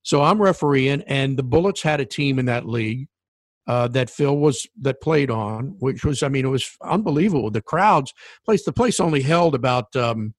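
A middle-aged man tells a sports story with real enthusiasm, stumbling over restarts as he gets excited. His voice sits close and dry, with no room sound around it. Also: medium pitch, moderate pace, no echo. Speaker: sports broadcaster and former referee. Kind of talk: casual storytelling conversation.

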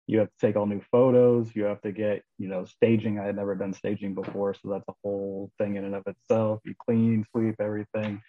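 Low-voiced man telling a story. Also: brisk, few pauses, narrow, tinny audio. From Florida, USA. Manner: animated, acts out quoted voices, many fillers. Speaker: guest author. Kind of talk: casual storytelling.

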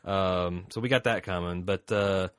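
Low-voiced Midwestern man podcasting. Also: steady tone, measured pace, smooth, no room sound, studio quality. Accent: American Midwestern. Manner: joking, profane, tries silly accents. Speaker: podcast co-host. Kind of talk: casual chat.

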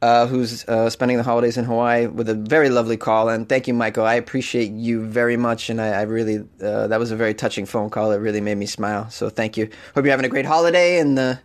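A man's voice: mid-range voice, fairly even intonation, quick pace, few pauses. A man hosting a comedy news podcast, talking casually with crude, rambling jokes. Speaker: podcast host.

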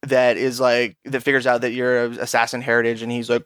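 A podcast co-host with a medium-pitched, brisk, clear and resonant voice rants about a video game in a casual, profane way. His complaints are animated, and the recording is dry.

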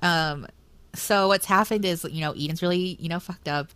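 A woman's voice: fairly low pitch, normal speed, a bit bright, clear, resonant tone, no room sound. A woman co-hosting a book podcast in casual chat, laughing often and reading quotes aloud. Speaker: podcast co-host.

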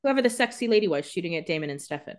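A woman's voice: fairly low pitch, animated, rapid-fire. A woman co-hosting a podcast, joking and blunt in casual banter. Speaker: podcast co-host.

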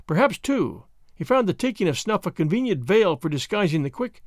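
A man narrating a classic novel in an expressive storybook reading, recorded close to the microphone. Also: sits high, a little fast, dry recording. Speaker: audiobook narrator. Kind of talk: scripted narration.

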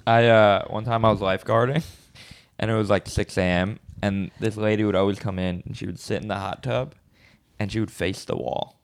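Gravelly laid-back man podcaster. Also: fairly low pitch, normal speed, no echo. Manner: laid-back storytelling, deadpan bits. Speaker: podcast co-host. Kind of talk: casual comedic chat.

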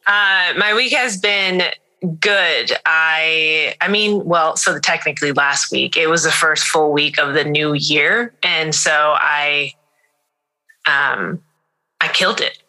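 A woman's voice: deep voice, slow pace, pushed and bright, low-quality recording. A young adult woman co-hosting a podcast, chatting casually with lots of restarts and filler words. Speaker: podcast co-host. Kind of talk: casual chat.

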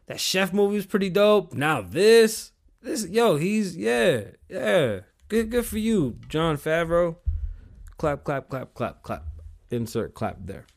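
A man hosting his own show alone, talking in a casual, rambling rant full of swearing, his pitch jumping up when worked up. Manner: profane, rambling, animated swings in pitch. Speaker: podcast host.

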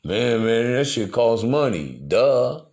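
A man's voice: medium pitch, sing-song, slow, a little mellow. A man hosting a podcast, talking in a loose, slangy, preachy monologue. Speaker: podcast host. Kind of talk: casual monologue.

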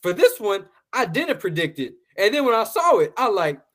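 Blunt, laughing man with a higher voice. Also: big pitch swings, moderate pace, fairly bright tone. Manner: blunt, profane, laughing, repeats himself. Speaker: podcast host. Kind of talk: casual movie review chat.

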